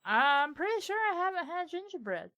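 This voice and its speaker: High, lively woman cracking sarcastic asides. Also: normal speed, a crowd in the background. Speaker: fanfiction reader. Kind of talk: comedic reading and banter.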